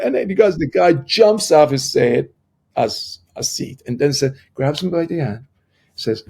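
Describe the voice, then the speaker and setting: A middle-aged man, a podcast guest, telling a personal story in conversation. He speaks haltingly with frequent restarts and acts out the people he quotes. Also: fairly high pitch, big pitch swings, creaky, darkish tone, breathy edge.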